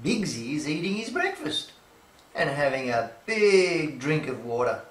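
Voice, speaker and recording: A woman's voice: sits low, big pitch swings, unhurried, recorded from a distance. A woman reading a children's picture book aloud, playfully imitating animal sounds. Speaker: storybook reader. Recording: echoey room.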